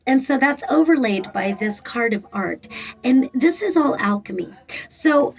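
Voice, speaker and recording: A woman's voice: high-pitched, animated, measured pace, darkish tone, rough recording. A woman giving a casual tarot reading in a rambling way, with frequent fillers and blunt swearing. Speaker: tarot reader.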